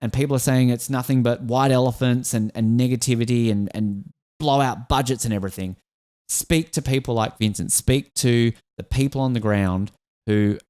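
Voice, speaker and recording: A man's voice: medium pitch, steady tone, normal speed, darkish tone. An Australian man hosting a podcast, chatting casually and with enthusiasm, getting emotional and restarting his sentences often. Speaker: podcast host.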